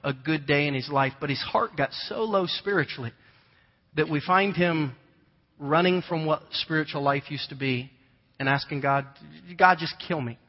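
A man preaches in a casual, storytelling way, his voice sitting a little high for a man. He is recorded in a large church hall with a long reverb trailing his words. The sound is dull and lo-fi. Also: moderate pace. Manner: conversational storytelling, animated imitations of children. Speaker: pastor. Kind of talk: sermon.

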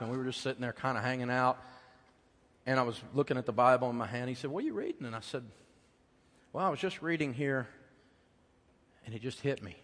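Storytelling preacher in a reverberant hall. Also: male voice, medium pitch. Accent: American. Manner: conversational storytelling, swings from loud to hushed. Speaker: pastor. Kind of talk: sermon. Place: church auditorium.

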